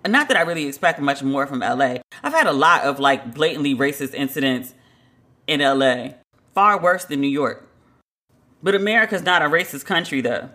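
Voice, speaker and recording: Woman podcast host, sharp bright tone, casual storytelling monologue, chatty and incredulous. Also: deep voice, animated, moderate pace. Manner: chatty, lots of "like" fillers, incredulous asides.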